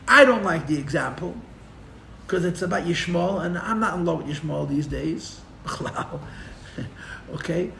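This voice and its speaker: A man teaching a live Torah class as a rabbi, telling the story with animated, sarcastic humor and mixing in Hebrew and Yiddish terms. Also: sits high, vocal fry, echoey room, slight background noise. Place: room for a live-streamed class.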